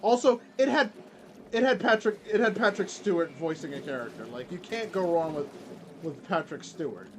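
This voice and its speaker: Man, game streamer, casual chat, rambling, stumbling restarts, slightly high voice. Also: expressive, moderate pace, background noise. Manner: rambling, heavy "like" fillers and restarts. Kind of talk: casual chat while gaming.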